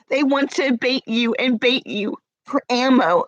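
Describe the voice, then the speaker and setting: A woman's voice: on the high side, a little slow, few pauses, no room sound, poor audio. A woman crying as she talks to camera, confronting someone with repeated pointed questions in an emotional rant. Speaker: vlogger.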